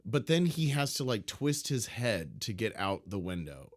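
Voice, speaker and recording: A man's voice: lowish voice, sing-song, normal speed. A man co-hosting a casual podcast, telling stories playfully and in detail. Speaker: podcast co-host.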